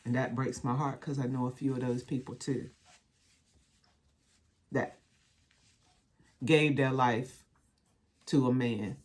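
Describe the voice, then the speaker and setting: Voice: mid-range voice, fairly even intonation, takes it slowly, long pauses. A survivor talking straight to the camera in a heartfelt, colloquial way, with a preacher-like habit of repeating phrases. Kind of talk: heartfelt direct-to-camera talk.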